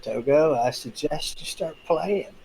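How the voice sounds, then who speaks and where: A man's voice: a little high, unhurried, vocal fry, darkish tone, slightly rough, low-quality recording. Playful man at a game table. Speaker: player. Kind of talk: tabletop role-play chat.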